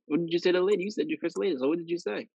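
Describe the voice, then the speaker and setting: A man with a husky voice hosts a casual podcast and teases his guest with slangy jokes. The sound is dry and close, with no room around it. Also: high voice, very fast, darkish tone, dry recording, highs cut off. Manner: joking, teasing questions, slangy. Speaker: podcast host. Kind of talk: casual chat.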